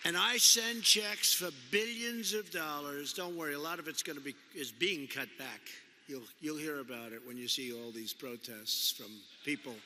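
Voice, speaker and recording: A man's voice: on the high side, normal speed, background noise. A man giving an off-the-cuff political speech as president, rambling and repeating himself with conversational asides. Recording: long echo of a big hall.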